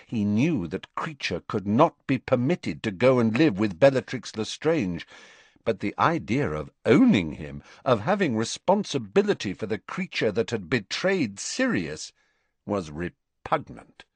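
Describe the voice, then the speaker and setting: A man narrating an audiobook in an unhurried, expressive storytelling manner. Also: on the low side, breathy edge, dry recording. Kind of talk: scripted narration.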